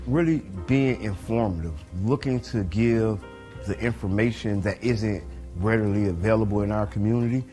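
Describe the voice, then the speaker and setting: A man's voice: lowish voice, normal speed, mellow, faint music behind. A man co-hosting a community podcast, speaking in an earnest, informative way. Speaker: podcast co-host. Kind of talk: casual interview talk.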